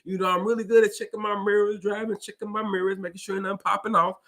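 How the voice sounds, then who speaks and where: A man who drives a school bus, casually telling a story to his listeners and acting out the dialogue with lively jumps in his voice. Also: quick pace. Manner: animated, acts out dialogue with big pitch jumps; conversational, addresses listeners directly.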